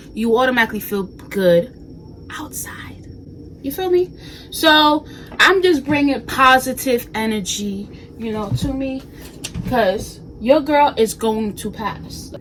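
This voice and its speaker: Her voice is a little high and unhurried, and the low-quality recording picks up slight background noise. The speaker is a New York vlogger in her twenties, talking from her bedroom with animated, sassy energy and plenty of slang, speaking straight to her audience.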